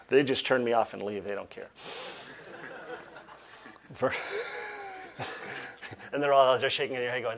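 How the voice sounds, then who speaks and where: A man's voice: mid-range voice, unhurried, long pauses. A male pastor preaching a sermon, reading scripture aloud with emphasis and breaking off for joking asides. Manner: animated preaching with humorous asides.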